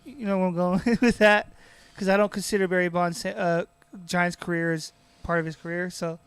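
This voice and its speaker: A man's voice: high voice, level tone, a bit bright, clean tone, no room sound. A man co-hosting a podcast, chatting bluntly and laughing readily. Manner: blunt, opinionated, quick to laugh. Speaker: podcast co-host. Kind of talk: casual podcast chat.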